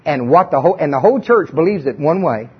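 Husky high-voiced man preaching. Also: lively intonation, quick pace. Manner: conversational, emphatic, asks the audience questions. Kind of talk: sermon. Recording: dull lo-fi recording.

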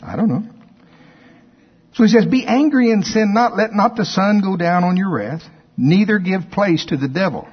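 A man preaching a sermon as pastor, lively and conversational, acting out both sides of imagined exchanges with his listeners. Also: high-pitched, moderate pace, breathy edge, highs cut off.

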